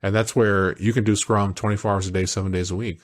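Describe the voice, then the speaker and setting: A man co-hosting a podcast, talking in a casual, animated way that wanders through stories. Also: fairly low pitch, fast. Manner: animated, storytelling, digressive. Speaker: podcast co-host. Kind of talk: casual chat.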